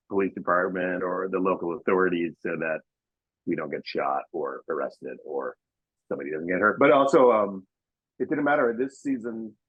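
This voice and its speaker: A comedian telling prank stories in a casual interview, lively and blunt, recorded on a video call. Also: male voice, slightly rough, dry recording, phone-quality sound. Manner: animated storyteller, acts out quoted people in high voices. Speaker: comedian and prank show host, guest.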